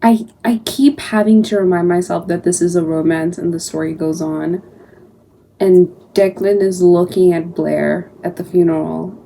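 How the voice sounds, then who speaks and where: Young woman, book vlogger, lowish voice, gravelly, emotional slangy chat. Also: dark tone, a little hiss or hum. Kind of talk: casual reading vlog.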